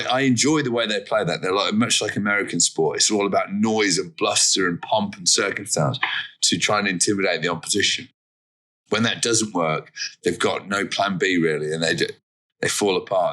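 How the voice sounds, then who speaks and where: Deep, bright-voiced jokey English man. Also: brisk. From England. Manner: jokey, self-deprecating. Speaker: guest. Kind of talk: casual chat.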